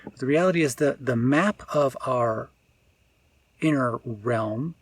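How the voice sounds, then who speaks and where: A spiritual teacher with a medium-pitched voice gives an unscripted, reflective talk, often pausing and restarting while he searches for words. The recording is dry.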